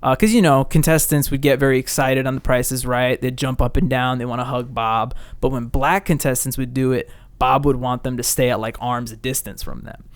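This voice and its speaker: A young man hosting a casual podcast chat, telling a story in an animated way and swearing freely. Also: medium pitch, brisk, hardly any pauses, smooth, no echo. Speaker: podcast host.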